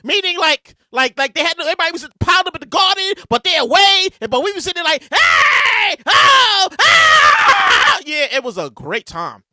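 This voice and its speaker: A man hosting his podcast, telling stories in a loud, animated casual monologue. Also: extremely high pitch, quick pace, few pauses, slight background noise. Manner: animated, loud storytelling with bursts of shouting. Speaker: podcast host. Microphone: podcast mic with a soundboard.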